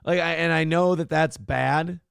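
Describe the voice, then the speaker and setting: A man's voice: on the high side, measured pace, gravelly, a bit bright, smooth, dry recording, clean studio sound. A man hosting a casual live-stream talk show, reading donations and ranting with mocking impressions. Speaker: host.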